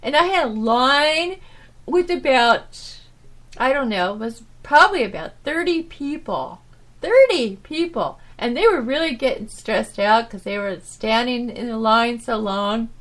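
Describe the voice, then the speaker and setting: A woman hosting her own podcast, telling stories from her old job in a rambling, animated way, full of restarts and "you know"s. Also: a little high, measured pace. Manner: animated, swinging from loud to soft. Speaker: podcast host. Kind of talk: casual storytelling monologue.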